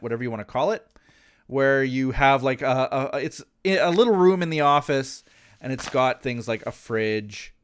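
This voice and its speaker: A man's voice: medium pitch, a little hiss or hum. Rambling man telling a story. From Canada. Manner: rambling, frequent restarts and asides. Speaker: gaming channel host. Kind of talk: casual anecdote.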